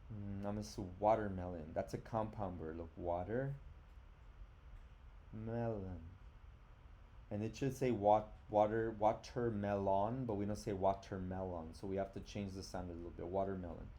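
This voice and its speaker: Slow, patient male teacher, low mellow voice. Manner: slow, patient, sounds words out. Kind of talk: online phonics and grammar lesson.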